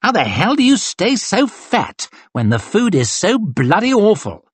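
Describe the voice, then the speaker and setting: Man playing a sneering officer, lively pitch, breathy edge, commanding. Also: moderate pace, no echo. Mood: mocking. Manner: mocking, commanding. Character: vain, cruel, seductive male colonel.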